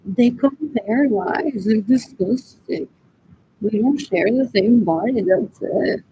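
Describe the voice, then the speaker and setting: A woman with a gravelly, creaky voice rambles bluntly on her vlog, muttering to herself between complaints. The audio is dull and lo-fi, with faint pigeons and birds behind her. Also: fairly high pitch, slow pace, a little hiss or hum. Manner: repetitive, blunt and profane, often muttering 'what else'; switches between English and Spanish. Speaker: vlogger. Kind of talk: rambling monologue to camera.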